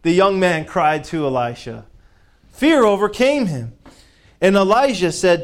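A man's voice: high-pitched, sing-song, a little slow. A man preaching a sermon and reading scripture aloud, emphatic, rising on key phrases and repeating words as he builds a point.

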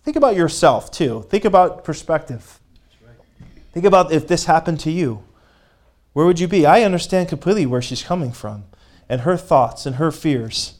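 A man preaching a sermon, reading a story aloud and pausing to speak directly to his congregation, growing fervent. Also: on the high side, lively intonation, darkish tone.

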